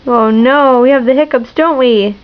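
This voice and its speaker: A woman's voice: high voice, moderate pace, dull audio. A woman talking to a newborn in a home video, cooing and repeating phrases in sing-song baby talk.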